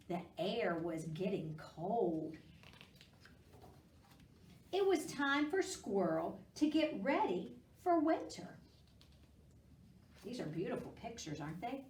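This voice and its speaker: A woman, a children's librarian reading storybooks aloud with gentle, encouraging warmth. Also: fairly high pitch, a little hiss or hum. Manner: gentle, encouraging, slow and sing-song with kids. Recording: roomy, distant library recording.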